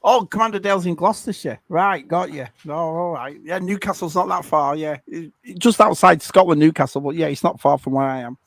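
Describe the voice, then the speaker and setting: A man from northern England with a Lancashire accent, telling lively stories in casual chat on a video call stream. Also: on the high side, brisk, creaky, hardly any pauses, no echo. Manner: lively storytelling with laughs. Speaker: stream host.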